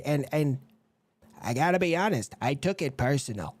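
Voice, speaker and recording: A man's voice: a little high, expressive, normal speed, no echo. Boastful crude man in a comedy clip. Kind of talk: comedic sketch in a video.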